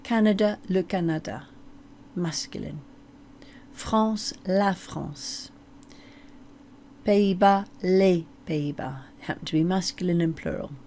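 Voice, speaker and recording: A woman teaching French place names, slowly modeling each word. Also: on the low side, dark tone, a little hiss or hum. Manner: slow, deliberate modeling of French words. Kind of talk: explanatory language lesson.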